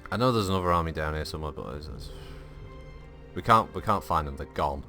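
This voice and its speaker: A man giving casual, animated gaming commentary, laughing and swearing freely as he tells stories. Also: rumbling low, fast talker, faint music behind. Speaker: gameplay streamer.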